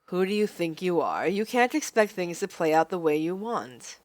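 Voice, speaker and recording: A woman's voice: fairly low pitch, very animated, normal speed, no echo. A woman voicing an arrogant, manipulative young male noble with cold, domineering threats, reading a visual novel aloud.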